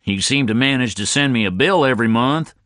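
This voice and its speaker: A man's voice: mid-range voice, expressive, measured pace, a bit bright, no echo, studio quality, pitched above the performer's own voice. A man voicing a confident, jocular southern man on the phone, with a Southern US accent. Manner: breezy, jokey, self-assured.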